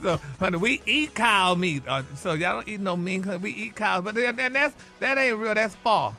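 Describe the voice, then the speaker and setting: Flamboyant male gossip host, high bright voice, honey-this y'all-that radio banter. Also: moderate pace, faint music behind. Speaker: celebrity gossip segment host. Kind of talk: radio morning show gossip chat.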